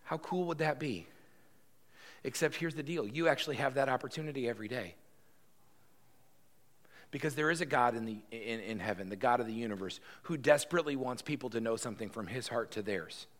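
A pastor giving a sermon in an animated, conversational storytelling manner. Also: male voice, medium pitch, fairly quick.

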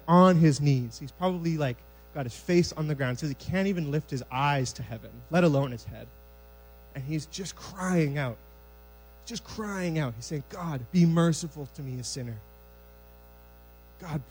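A man preaching a sermon in a church sanctuary, conversational and lively, acting out scenes from scripture. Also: on the high side, low-quality recording.

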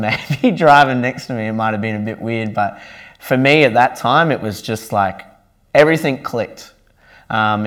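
Earnest young man, lowish voice. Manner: earnest and conversational. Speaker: church member sharing his testimony. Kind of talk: personal faith testimony, casual speaking.

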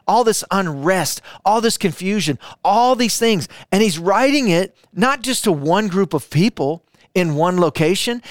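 A man's voice: high voice, no room sound, studio quality. A man preaching a sermon, emphatic and repetitive, firing rhetorical questions and asking listeners to repeat lines after him. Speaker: pastor.

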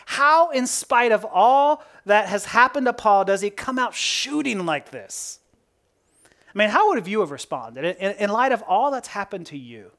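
A woman preacher giving a sermon in a conversational, animated way, asking rhetorical questions and laughing at her own jokes. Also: a little high.

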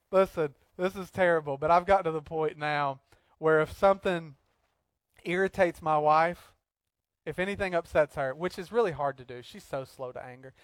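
A man preaching a sermon in an animated, joking way, acting out little scenes between points. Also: a little high, no room sound. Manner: animated, jokey preaching with acted-out asides. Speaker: pastor.

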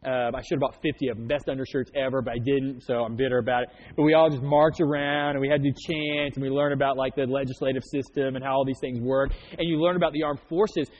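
A man's voice: medium pitch, fairly even intonation, fast talker, few pauses, a little mellow. A man preaching a sermon as pastor, joking and telling stories in a conversational way. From Oklahoma. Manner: conversational storytelling with jokes. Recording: muffled sound in a reverberant hall.

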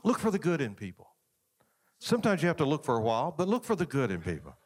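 Folksy preacher, lively. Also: male voice, fairly high pitch, quick pace. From Southern United States. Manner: folksy storytelling, swings between loud and hushed. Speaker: pastor. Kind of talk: sermon.

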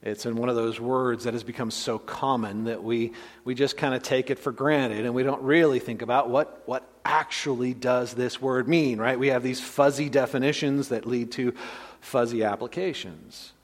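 A man's voice: mid-range voice, long reverb tail. A man preaching an expository sermon in a conversational teaching way, often checking in with "right?" and restarting his sentences. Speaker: pastor.

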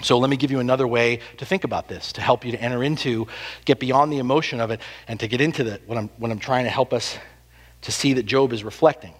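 A man preaching a sermon, pressing rhetorical questions and swinging between hushed, slow lines and loud, emphatic ones. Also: medium pitch, big-room sound. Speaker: pastor.

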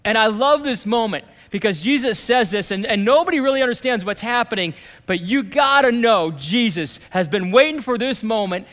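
A man preaching a sermon as pastor, talking in a conversational way that swings from lively to hushed. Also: high-pitched, moderate pace. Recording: long reverb of a church hall.

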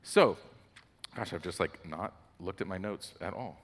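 A man gives a casual, conversational sermon, talking in a relaxed, chatty way full of storytelling asides. His voice sits on the low side, and long reverb rings around him as if he were in a large hall. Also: normal speed. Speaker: preacher.

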